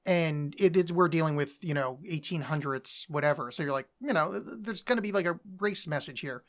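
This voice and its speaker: A woman co-hosting a podcast in casual chat, animated and laughing, slipping into quick mock voices. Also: low voice. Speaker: podcast co-host.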